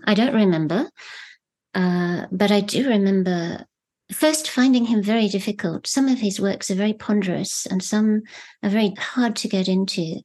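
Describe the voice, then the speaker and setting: A woman's voice: medium pitch, darkish tone. Thoughtful middle-aged woman novelist. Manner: thoughtful, measured, searching for words. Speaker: novelist guest. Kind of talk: reflective interview talk.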